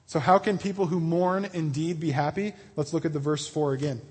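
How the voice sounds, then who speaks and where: A man preaching an earnest, animated sermon to a young crowd, acting out quoted voices as he goes. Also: fairly high pitch, a little fast, hardly any pauses, slightly rough, long reverb tail.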